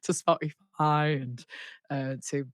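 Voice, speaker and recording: A woman singer-songwriter telling her story as an interview guest, animated and full of restarts, acting out what people said. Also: low voice, slow pace, no echo, clean studio sound. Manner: animated, acts out quoted dialogue, many restarts.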